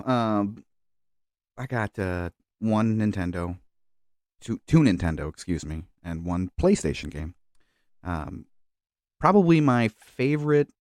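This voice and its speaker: On the low side and darkish in tone, this man's voice comes through clean studio audio with no room sound. He's co-hosting a laid-back podcast conversation, wandering through his points with lots of fillers and restarts.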